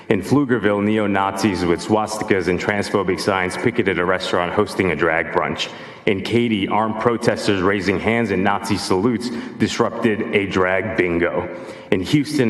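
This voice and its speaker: A man reading prepared public testimony at a hearing, forceful and pleading in his advocacy. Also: low voice. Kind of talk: prepared testimony read aloud. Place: large legislative hearing room. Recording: echoey hall with long reverb.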